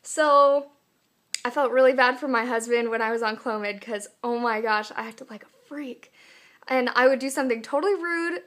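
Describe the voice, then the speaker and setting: Chatty young woman, slightly high voice. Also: fairly even intonation, moderate pace, fairly bright tone. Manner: chatty, candid, lots of fillers. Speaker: vlogger. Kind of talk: casual personal vlog.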